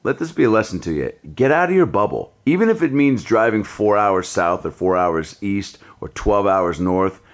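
A man hosting a podcast, chatting casually with profane, joking, animated storytelling. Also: on the low side, moderate pace, hardly any pauses. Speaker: podcast host. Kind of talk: casual chat.

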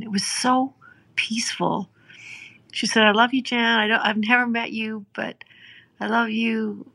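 Woman host telling a heartfelt story, gravelly voice, acts out what people said. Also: mid-range voice, a bit bright. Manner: heartfelt, conversational, tells with quoted dialogue. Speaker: podcast host. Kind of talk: emotional storytelling.

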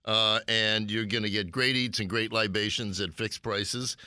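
Man, radio co-host, middle-aged, joking, bright voice, dry close mic. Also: lowish voice, fairly even intonation, measured pace, clean tone, no room sound. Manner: joking, teasing, playful banter. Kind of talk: casual radio chat.

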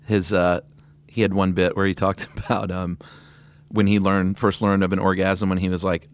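A man's voice: sits low, flat delivery, normal speed. A man co-hosting a podcast in casual chat, wry and teasing, often laughing as he tells stories. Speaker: podcast co-host.

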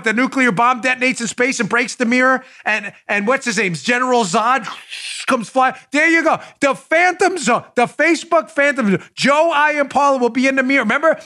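A man hosting a political talk show, excitable and loud, with a sarcastic edge. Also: extremely high pitch. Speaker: podcast host.

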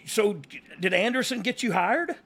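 A man's voice: high voice, animated, moderate pace, gravelly, a bit bright. A man co-hosting a podcast in casual chat, joking and interjecting. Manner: joking, frequent laughter, interjecting. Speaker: podcast co-host.

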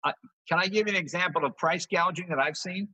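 A man's voice: high voice, bright, forceful tone, slight background noise, poor audio. A man in his seventies, a comedian guest on a remote call, firing off jokes in playful banter. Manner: rapid one-liner delivery, playful. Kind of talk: joke-telling banter.

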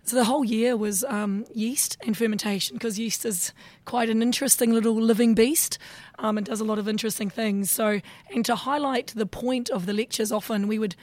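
A woman from New Zealand with a husky, strained voice and a New Zealand accent, chatting as an interview guest in a self-deprecating way. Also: fairly high pitch, steady tone, brisk, a little mellow, no echo. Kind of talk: casual chat.

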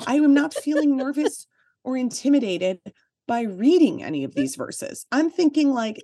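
A woman's voice: high-pitched, very animated, normal speed, dark tone, no echo, clean studio sound. A woman co-hosting a podcast, telling a personal story in casual chat, with chatty "like" fillers and emphatic asides. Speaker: podcast co-host.

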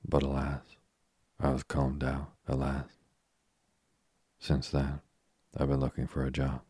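A man's voice: a bass voice, completely flat delivery, dark tone, husky, dry recording, clean studio sound, heavily acted. A man reading the lines of a frank, spirited young woman who is restless and short of money, in a chatty, blunt manner. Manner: chatty and blunt, quick to exclaim.

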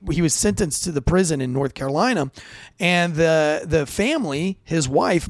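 A young police officer recounts a wild call in casual, animated storytelling, slipping into the voices of everyone involved. His voice sits a little high with a gravelly edge. The sound is dry and close. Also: no echo. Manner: animated, acts out quoted voices.

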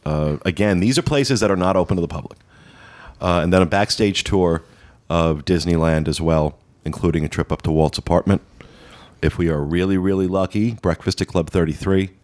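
A man's voice: deep voice, a little fast, darkish tone. A man hosting a casual podcast, talking through news and trip plans with a loose, rambling delivery full of fillers. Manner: rambling, many uh fillers, upbeat promo talk. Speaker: podcast host.

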